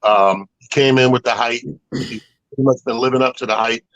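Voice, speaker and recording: A man co-hosting a casual sports talk show, giving relaxed, folksy takes with little stories. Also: medium pitch, a little fast, no echo. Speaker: co-host. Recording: dull, dry sound.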